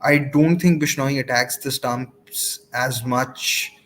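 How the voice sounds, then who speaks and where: A man giving measured, explanatory cricket analysis on a live watchalong. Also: mid-range voice, steady tone, fairly bright tone, slight background noise.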